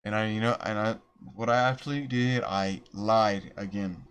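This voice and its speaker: A man's voice: on the low side, fairly even intonation, normal speed, clear, resonant tone. A young man rambling through a storytime vlog, self-deprecating and restarting his sentences often. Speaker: vlogger.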